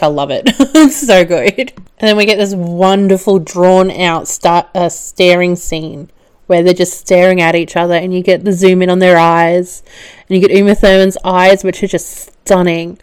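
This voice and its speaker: A woman hosting a podcast, recapping a film casually, laughing often and swearing when excited. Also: on the low side, moderate pace, smooth. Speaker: podcast host.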